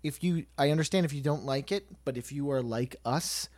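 Animated man, dry close sound. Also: on the high side, fairly quick, no echo. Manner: animated, swearing, quoting people in put-on voices. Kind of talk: casual podcast chat.

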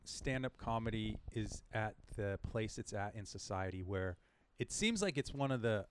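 A man's voice: on the low side, animated, normal speed, a little hiss or hum. A man hosting a casual interview, asking questions hesitantly and restarting them. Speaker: podcast host.

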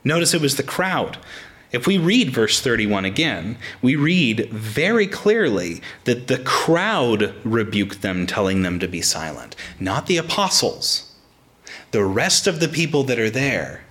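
Animated, bright-voiced male preacher. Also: medium pitch, unhurried. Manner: animated, frequent restarts, acts out quotes. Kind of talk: sermon with personal anecdote.

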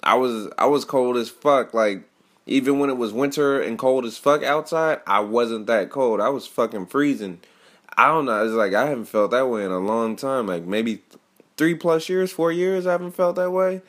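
A man's voice: medium pitch, normal speed, fairly bright tone. A young man hosting his own podcast, telling rambling stories in a casual, profane, slang-heavy way. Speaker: podcast host. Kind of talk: casual solo podcast monologue.

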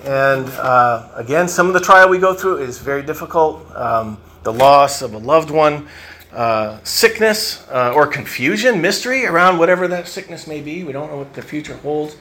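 Bright-voiced male pastor preaching conversationally. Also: a little high, expressive, moderate pace. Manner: conversational, reflective, thinking aloud with fillers. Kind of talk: sermon. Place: church.

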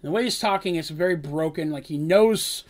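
A man's voice: on the high side, brisk. A man, a game master, recounting a tabletop game session in a rambling way full of fillers. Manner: rambling, filler-heavy storytelling.

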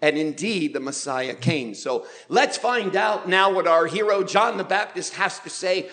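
A man preaching a sermon in a church, drawing the congregation in with questions and light humor, slowing to stress key words. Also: sits high, fairly bright tone. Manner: engages the congregation with questions and show of hands. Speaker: pastor. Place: church sanctuary.

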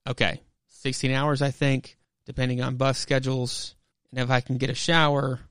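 A man's voice: mid-range voice, flat delivery, normal speed, fairly bright tone, clean tone, no room sound, clean studio sound, lightly acted. A man voicing a tough, blunt woman monster hunter who answers curtly and swears. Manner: curt, swearing.

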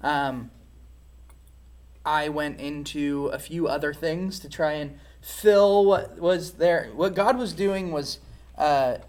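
Male interview guest, fairly high voice, candid and reflective personal testimony. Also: takes it slowly, a little mellow. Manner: reflective, frank storytelling.

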